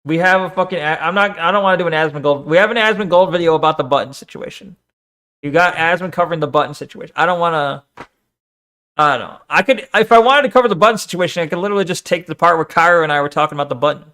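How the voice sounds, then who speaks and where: A man's voice: on the high side, rapid-fire, sharp tone, clean tone. A man streaming and chatting casually, reading chat, swearing often and rambling between topics.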